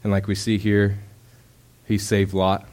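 Low-voiced young man preaching casually. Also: monotone, unhurried. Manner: casual, conversational preaching with many fillers; acts out quoted voices with bursts of loudness. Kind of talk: sermon.

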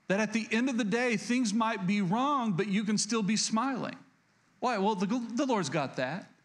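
Pastor, male, higher register; earnest preacher who repeats key points and restarts sentences. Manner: frequent stutters and restarts. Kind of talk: sermon.

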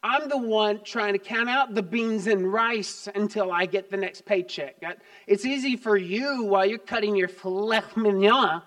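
A pastor and grandfather in his fifties delivers a sermon in a fairly high-pitched man's voice. He tells personal stories, leaning hard on key words and then falling to soft, low asides. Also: moderate pace, hardly any pauses. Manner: storytelling, dynamic swings from loud emphasis to quiet asides.

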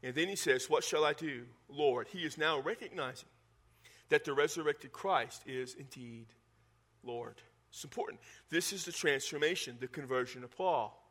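A man preaching a sermon, animated and emphatic, driving points home with repetition. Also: a little high, moderate pace. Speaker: pastor.

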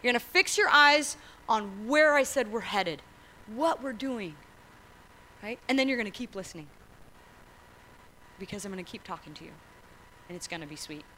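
A woman pastor preaching a sermon in an animated way, acting out quotes and asking the congregation questions. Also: mid-range voice, normal speed, long pauses, a little hiss or hum, poor audio.

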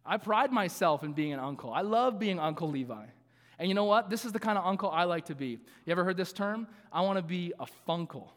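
High-voiced male pastor preaching in a hall. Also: animated, brisk, a bit bright. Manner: earnest, building to emphatic repeated calls, with light laughing asides. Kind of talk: sermon.

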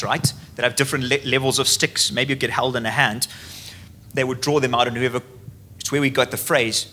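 A man's voice: medium pitch, bright, forceful tone. A middle-aged male pastor preaching a sermon in a conversational way, reading scripture aloud and adding casual asides.

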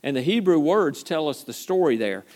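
A pastor preaching a sermon in an earnest, emphatic manner, with frequent repetitions and playful asides. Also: male voice, on the high side, expressive, normal speed, darkish tone.

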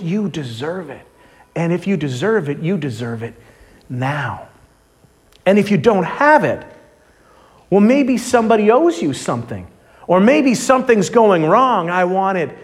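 A man preaching a sermon in a conversational, direct way. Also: high-pitched.

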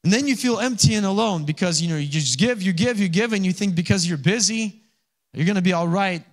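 A man's voice: high voice, fairly quick. A man, a pastor, preaching a conversational sermon and often checking in with the congregation. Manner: conversational, asks the congregation for responses.

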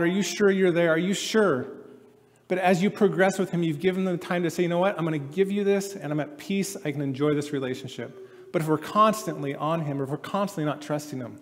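Man preaching in an echoing hall. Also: high voice. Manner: conversational, acts out quoted voices. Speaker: pastor. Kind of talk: sermon. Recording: long hall reverb.

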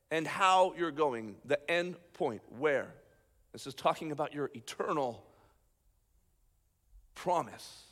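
High-voiced preaching man in a reverberant hall. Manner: animated preaching, swings between loud emphasis and low asides. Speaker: pastor. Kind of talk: sermon.

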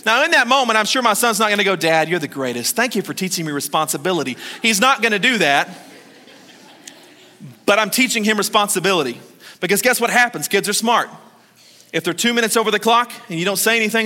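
Man preaching, bright forceful voice, high pitch, casual jokey delivery, long hall reverb. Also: fast. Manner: conversational and joking, acting out short quotes. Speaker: pastor. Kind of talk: sermon.

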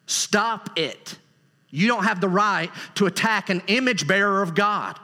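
A male pastor delivers a sermon with earnest, emphatic repetition. His voice is bright and forceful, sitting a little high for a man. It rings out through a church hall with a long reverb tail. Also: normal speed. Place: church sanctuary.

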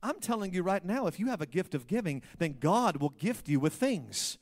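A pastor preaching a sermon, swinging between loud emphasis and hushed asides. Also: male voice, high-pitched, sing-song, moderate pace, few pauses.

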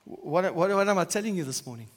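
A high-voiced pastor preaching his sermon, his voice rising to loud emphasis and then dropping to soft, quiet asides. The sound rings out with the long reverb of a church hall. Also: lively intonation, fast.

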